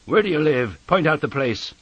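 A man's voice: a little high, sing-song, moderate pace, husky, no echo, dull audio, voice pushed up. A man voicing a terrifying escaped convict who growls savage threats and barks commands. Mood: menacing.

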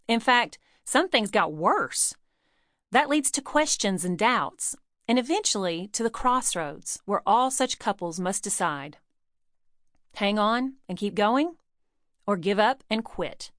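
A woman's voice: mid-range voice, a bit bright, no room sound, clean studio sound. A woman reading her own book aloud in an earnest, personal storytelling manner. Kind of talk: audiobook narration.

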